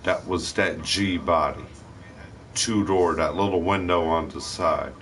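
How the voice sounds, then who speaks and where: A man's voice: low voice, measured pace, a bit bright, a little hiss or hum. A middle-aged man hosting a live stream, telling rambling, profane stories in casual chat. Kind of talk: casual storytelling.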